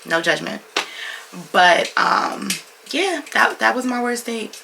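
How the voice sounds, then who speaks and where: Young woman, vlog storytime, gravelly voice, lively slang, background hiss. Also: on the high side, slow. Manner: animated, slangy storytelling with lots of swearing. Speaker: vlogger.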